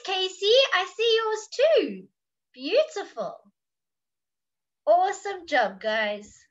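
A woman teacher reading stories aloud to children in an expressive, sing-song way, then signing off warmly. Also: high-pitched, muffled recording. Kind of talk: story time reading to children.

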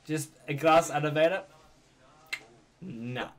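A man's voice: mid-range voice, expressive, moderate pace, heavy background noise. A man hosting a casual reaction video, talking to the screen, cheering on the people in it and laughing often.

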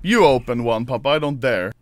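An excitable young man hosting a casual gaming session, his voice leaping up and down as he jokes and cheers. He breaks into loud outbursts, with a faint hiss of noise underneath. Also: mid-range voice, brisk. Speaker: host.

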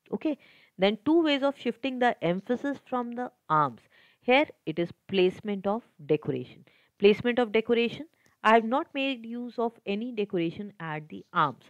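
A woman's voice: medium pitch, no room sound, dull audio. A woman teacher with an Indian accent explaining an exam paper step by step, slipping Hindi phrases into English. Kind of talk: exam lesson walkthrough.

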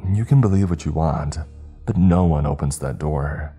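A resolute young woman who will not open the door, voiced by a deep-voiced male narrator. The lines are firm and husky. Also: moderate pace, dark tone, faint music behind.

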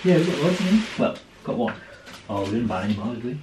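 A man's voice: medium pitch, very animated, fast, darkish tone, a little hiss or hum. A young man in casual, playful banter with his partner at home, often mock-serious. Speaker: vlogger. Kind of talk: casual chat. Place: home kitchen, indoors. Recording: echoey kitchen from a distance.

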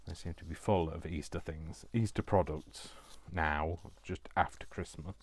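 A man's voice: sits low, fairly even intonation, unhurried. A man vlogging as he decorates a book cover, chatting in a rambling, self-deprecating way. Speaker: craft vlogger. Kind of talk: casual chat while crafting.

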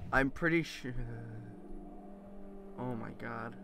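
A man's voice: medium pitch, extremely slow, gravelly, a bit bright, a little hiss or hum. A man giving commentary while playing a horror game, panicky, often screaming and laughing nervously. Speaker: let's play gamer.

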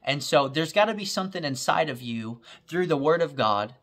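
A man's voice: on the high side, animated, moderate pace, a bit bright. A man preaching a recorded sermon in a fervent, repetitive cadence.

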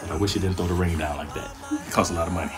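A woman's voice: extremely low pitch, steady tone, rapid-fire, music in the background. An actress playing a sweet-talking partner who pleads and coaxes, repeating herself as she explains. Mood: earnest. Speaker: actor in a web series. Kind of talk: scripted drama dialogue.

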